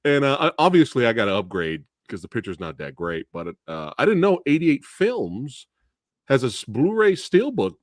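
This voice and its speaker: A man hosting a casual movie discussion show, excitable and laughing often as he talks. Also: medium pitch, normal speed, no echo, clean studio sound. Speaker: podcast host.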